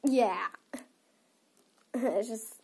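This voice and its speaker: A teenage girl with a slightly high voice and a blocked, stuffy nose talks casually to camera. She giggles often and rambles, filling her sentences with "like". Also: extremely slow, creaky, background noise. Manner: giggly and rambling, many "like" fillers. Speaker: toy unboxing vlogger.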